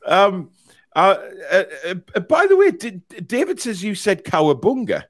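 A man's voice: sits high, huge pitch swings, a little slow. A man co-hosting a casual football podcast with an English accent, joking and teasing his co-host with laughing banter.

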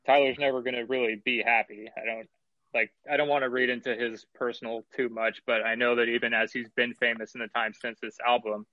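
A man in his twenties co-hosting a podcast, giving his opinions on music in a relaxed, long-winded casual way. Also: medium pitch, brisk, no room sound, phone-quality sound. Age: 20s. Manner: relaxed, opinionated, talks in long run-on thoughts. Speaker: podcast co-host. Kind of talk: casual music-review chat.

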